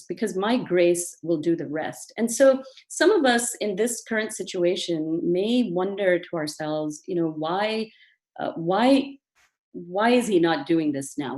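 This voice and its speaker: A woman's voice: medium pitch, darkish tone. A woman physician speaking as guest at an online devotional program, earnest and thoughtful, with frequent fillers. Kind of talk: devotional talk.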